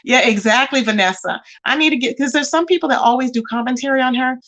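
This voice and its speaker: A chatty woman with a fairly high voice talks casually to her livestream viewers. She reads out comments and keeps calling them y'all and baby in an animated, conversational way. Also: quick pace.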